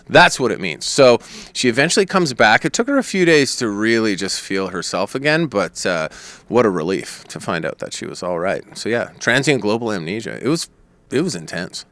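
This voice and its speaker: Low-voiced man telling a rambling story. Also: moderate pace, no echo. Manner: rambling, animated storyteller who quotes others. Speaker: comedian guest. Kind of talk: casual podcast storytelling.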